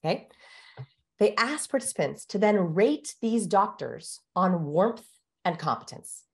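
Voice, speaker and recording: A woman's voice: mid-range voice, lively intonation, a little slow, darkish tone. A woman who researches communication, guesting on an interview show and explaining with energy, like a teacher giving demonstrations.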